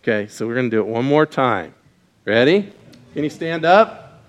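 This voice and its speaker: A man's voice: medium pitch, big pitch swings, moderate pace, dull audio. A man giving a children's message in church, asking the kids questions and leading them in call-and-response on a mic. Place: church sanctuary with congregation. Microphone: wears a mic.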